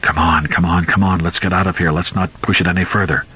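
A man's voice: deep voice, level tone, quick pace, sharp tone, breathy edge, muffled recording, heavily acted. A man voicing a panicked, grieving father who talks himself through a crisis under his breath. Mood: tense.

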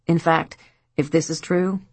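A stern, blunt male detective questions firmly and evenly, as a woman reader voices him. The voice sits low and husky, with a dry, close sound. It is an audiobook character voice. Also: fairly even intonation, no echo. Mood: grave. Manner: firm, measured questioning.

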